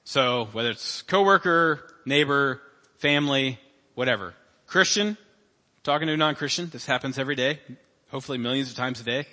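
Man, pastor, conversational sermon, bright forceful tone, long church reverb. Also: mid-range voice, a little fast. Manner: conversational preaching with asides and acted quotes. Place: church sanctuary.

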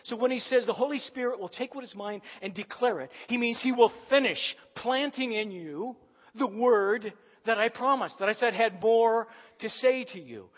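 Middle-aged man, pastor, sermon, storytelling, soft asides to emphatic lines, dull sound, long hall reverb. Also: very high-pitched, moderate pace.

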